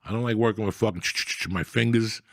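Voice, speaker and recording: A man's voice: lowish voice, fairly even intonation, a little fast, no echo, clean studio sound. A middle-aged man, telling profane, rambling stories in a blunt, casual chat. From New Jersey. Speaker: storyteller guest.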